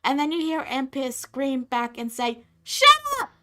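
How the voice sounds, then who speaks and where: A woman running a tabletop role-playing game as game master, narrating and explaining rules steadily. Her voice is somewhat high. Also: fairly even intonation, normal speed.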